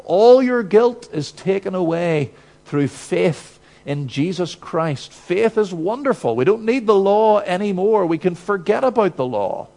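A wheedling, mocking devil , as a male preacher puts him on, pitched well above the man's own voice. The tempter coaxes in a slow, drawn-out way. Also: animated, vocal fry, a little mellow, heavily acted. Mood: coaxing. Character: tempting devil, smooth and coaxing. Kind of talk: sermon with acted quotes.

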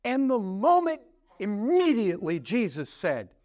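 A pastor preaches, telling a vivid story while his voice drops low and quiet and then rises in intensity. He puts rhetorical questions to the congregation, his pitch swooping wildly and his pace a little slow.

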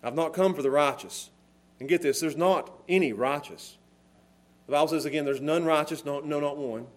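A man preaching a sermon to a congregation in church, with a repetitive, emphatic cadence, swinging from hushed low tones to shouted emphasis. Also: moderate pace. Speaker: pastor. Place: church service before a congregation.

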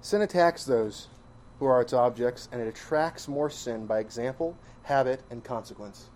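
A pastor with a mid-range voice preaches at a normal pace, emphatic and full of rhetorical questions, veering from loud stresses to quiet asides. A faint hiss or hum is audible.

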